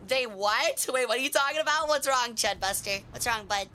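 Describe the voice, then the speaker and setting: A young woman streaming a tank game, chatting with viewers and swearing excitedly as she plays. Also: a little high, fast, a little hiss or hum. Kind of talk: casual live gameplay commentary.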